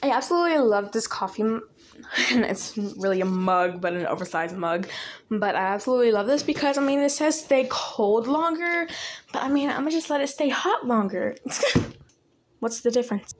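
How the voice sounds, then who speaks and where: A woman's voice: on the high side, normal speed, a little hiss or hum. A young woman making coffee at home, chatting casually and self-consciously in a giggly, rambling way. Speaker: vlogger. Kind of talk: casual kitchen vlog chat. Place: home kitchen, indoors.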